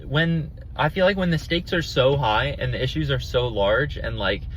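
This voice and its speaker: A man's voice: medium pitch, moderate pace, fairly bright tone, low-quality recording. A man hosting a solo podcast from inside a car, chatting casually and earnestly with lots of fillers and restarts. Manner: rambling, with many fillers and restarts; earnest and enthusiastic. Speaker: podcast host. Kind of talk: casual solo chat while driving. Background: faint road noise.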